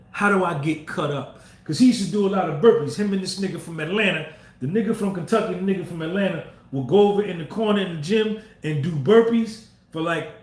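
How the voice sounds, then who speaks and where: A man hosting a podcast, telling a story in a casual way, repeating himself and acting out what others said. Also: high-pitched. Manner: repetitive, acts out quoted dialogue. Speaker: podcast host. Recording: roomy echo.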